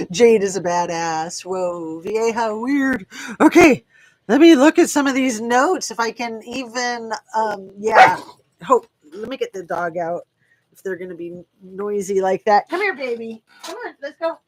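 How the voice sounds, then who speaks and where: A woman's voice: mid-range voice, measured pace. A woman in her fifties hosting a casual live stream from home, chatting to viewers and talking to her dogs in a rambling, friendly way. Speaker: true crime channel host. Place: home room.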